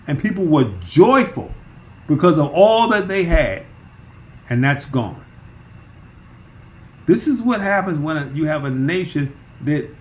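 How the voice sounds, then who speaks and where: A man teaching through a Bible chapter verse by verse, emphatic, with frequent repeats and fillers. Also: a little high.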